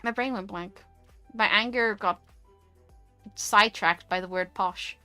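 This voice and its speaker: A young woman with a posh English accent, chatting casually on a stream and ranting with animated energy. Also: mid-range voice, unhurried, clean tone, no echo, faint music behind. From United Kingdom. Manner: animated, ranty. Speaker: VTuber streamer. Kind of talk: casual chat.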